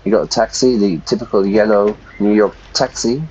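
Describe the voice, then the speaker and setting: A man's voice: fairly low pitch, fairly even intonation, brisk, a little mellow, husky. A man who teaches English, playing a game on stream and chatting casually as he explains words for learners. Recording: dull, lo-fi sound.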